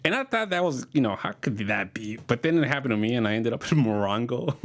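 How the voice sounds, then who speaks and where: A man's voice: medium pitch, animated, a little fast. A comedian casually telling rambling, profane stories about his past and often laughing as he talks.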